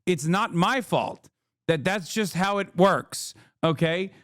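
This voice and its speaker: A man in his thirties reacting to a video on stream, animated and profane as he rants. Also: high-pitched, no room sound, clean studio sound. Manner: animated, profane, quick to laugh and rant. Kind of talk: casual live reaction commentary.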